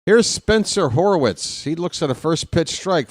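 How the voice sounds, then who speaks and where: Slow, dry-voiced fan baseball announcer. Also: male voice, lively intonation, no echo. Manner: joking, rambling asides between pitches. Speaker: play-by-play announcer. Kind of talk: fan-made live play-by-play commentary.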